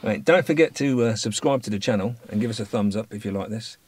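A man's voice: lowish voice, quick pace, darkish tone, breathy edge. A man co-hosting a travel vlog, chatting casually to camera in a rambling, jokey way with plenty of ums. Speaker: vlogger, channel co-host.

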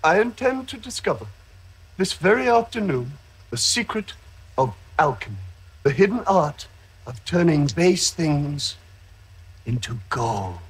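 A man's voice: fairly high pitch, big pitch swings, a little slow, long pauses, slightly rough, heavily acted. An actor playing a dim, eager young nobleman in a TV sitcom, speaking earnestly and grandly.

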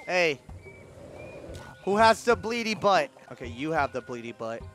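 A man streaming a video game, talking to his chat in excitable, profane commentary that breaks into sudden yelps and shouts. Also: a little high, a little slow, soft background music. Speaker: gaming streamer.

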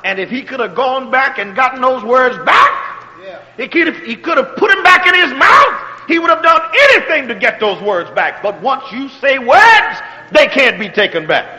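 A man preaching a sermon, checking in with his congregation and moving between quiet, drawn-out phrases and shouted exhortations. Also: very high voice, expressive, long reverb tail, poor audio. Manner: call-and-response preaching, asks if the congregation is still with him.

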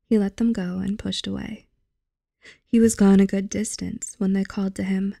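A young woman reads a fairy tale aloud, soft and unhurried, often slipping into a half-whisper. Her voice is mellow and low with a gravelly, fry-tinged edge. It is recorded close and dry. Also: level tone, no room sound. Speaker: channel host reading aloud.

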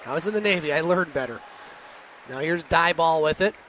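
Play-by-play man, high and bright, quick clipped calls, faint hiss behind. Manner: rapid, clipped play calls with chatty asides. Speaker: play-by-play announcer. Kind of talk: hockey play-by-play commentary.

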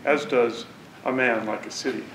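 A man introducing a poet at a university event, reading a prepared, deliberate academic introduction. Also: steady tone, a bit bright. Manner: measured, deliberate academic delivery. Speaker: lecture introducer. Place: university lecture hall. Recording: roomy hall from a distance, faint rumble.

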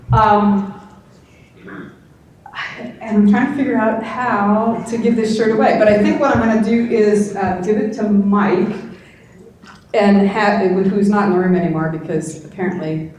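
A woman's voice: mid-range voice, moderate pace, a little mellow, very echoey, a little hiss or hum, rough recording. A middle-aged woman giving a conference talk in a conference room, speaking conversationally and often tagging her points with "right?". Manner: conversational, with frequent tag questions.

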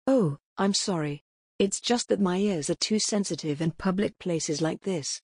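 A woman's voice: on the low side, a little slow, darkish tone, husky, no room sound, studio quality. A woman voicing an exasperated male talent manager with an irritated, sarcastic manner.

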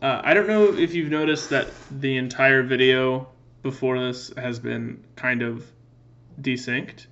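A man's voice: mid-range voice, steady tone, a little slow, fairly bright tone, dull audio. A man giving joking let's-play commentary in a playful, goofy way, answering in mock meows. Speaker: gaming video creator.

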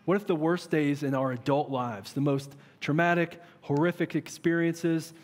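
A man in his thirties preaching a sermon as pastor, conversational and animated, with many rhetorical questions. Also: on the high side, normal speed. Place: large church hall. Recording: long reverb of a church hall.

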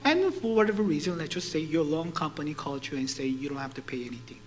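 A male pastor preaching a sermon, animated and putting questions to his congregation. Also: fairly high pitch, fast talker, very noisy.

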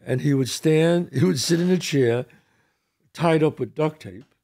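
A man hosting a casual chat show, telling stories in an animated way. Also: a little high, measured pace. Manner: animated storyteller. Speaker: host.

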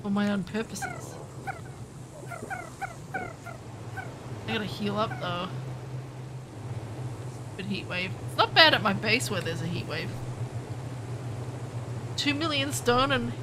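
Speaking a little slowly with long pauses, a Southern Hemisphere woman with a fairly high pitch streams her gameplay against a noisy background. She talks on casually and breaks into excited greetings whenever she names someone in chat.

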